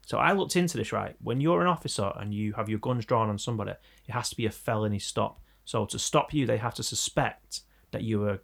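A young English man hosting a casual chat, telling stories in an animated, sweary way. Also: on the low side, brisk, vocal fry. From England.

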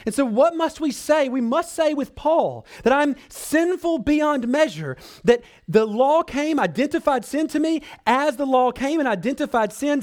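A man pastor preaching a sermon, earnestly addressing the congregation as brothers and sisters and swinging between loud pleading and hushed low passages.

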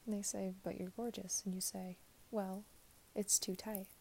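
Young woman, mellow tone, reflective monologue slipping into whispers. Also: mid-range voice, level tone, normal speed, gravelly, a little hiss or hum. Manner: soft, drifting in and out of whisper.

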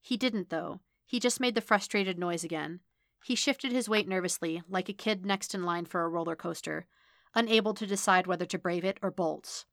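A woman reading fan fiction aloud as a podfic narrator, measured and even. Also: on the low side, no echo, studio quality. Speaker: podfic reader. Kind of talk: audiobook-style fiction reading.

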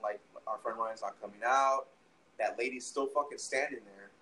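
A man's voice: medium pitch, normal speed, pushed and bright, poor audio. A young man tells a story in casual conversation, rambling and profane, with lots of restarts and fillers. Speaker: podcast guest, musician.

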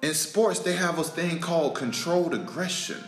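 A man, hosting a podcast and delivering an emotional, preachy monologue that repeats lines for emphasis and swings between loud and soft. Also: on the high side, moderate pace. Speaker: podcast host. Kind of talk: impassioned spoken monologue. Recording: roomy echo with faint music.

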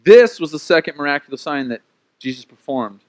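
A man preaching a sermon in a lively, conversational way, with playful acted asides. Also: a little high, fairly quick. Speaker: pastor.

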